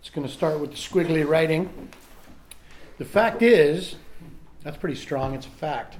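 A man's voice: a little high, steady tone, fairly quick, a little mellow, a little hiss or hum. A man reading aloud from a recovery book and sharing his own story in a candid, self-mocking way, often restarting his sentences. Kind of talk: reading aloud and personal testimony.

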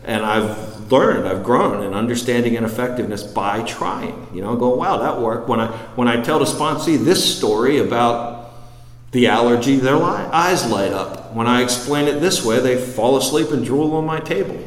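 Guy rambling through a long story, big echoey hall, mid pitch. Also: lively intonation. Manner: rambling, with quick asides. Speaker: recovery speaker sharing his story. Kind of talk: storytelling talk to a group.

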